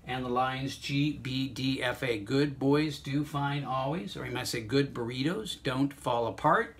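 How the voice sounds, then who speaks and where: A man teaching an online music lesson, encouraging students and walking them through note names and vocal warm-ups. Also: mid-range voice, unhurried.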